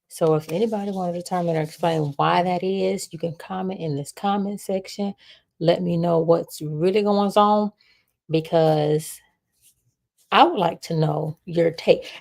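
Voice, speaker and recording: A woman's voice: on the low side, vocal fry, dark tone. A young woman hosting a livestream, chatting casually with viewers and reading their comments aloud. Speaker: livestream host.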